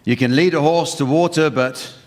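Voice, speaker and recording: A man hosting a comedy panel game on stage before a live audience, dry and deadpan. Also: a little high, normal speed. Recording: reverberant hall, loud noise.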